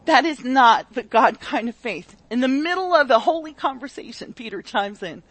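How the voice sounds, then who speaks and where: A woman preaching a sermon with a conversational, animated delivery that swings from loud exclamations to soft scripture reading and speaks straight to her listeners. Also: sits high, moderate pace, dry recording. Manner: conversational, addresses listeners directly.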